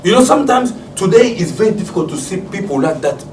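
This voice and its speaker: A man with a Congolese accent preaching a sermon as a pastor. He tells stories and acts out family scenes with loud shouts and laughter. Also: high voice, expressive, fast. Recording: echoey room, distant mic, faint background hiss.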